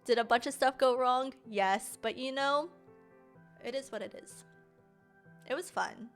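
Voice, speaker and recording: Animated young woman telling a story. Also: high-pitched, a little slow, soft background music. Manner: animated, laughs often, slangy. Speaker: streamer. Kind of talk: casual storytelling.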